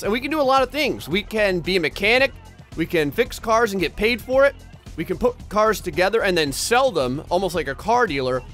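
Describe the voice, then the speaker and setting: A man's voice: high voice, a bit bright. A young man doing casual, jokey gameplay commentary, rambling and talking straight to his viewers. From New Jersey, United States. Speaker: gaming YouTuber.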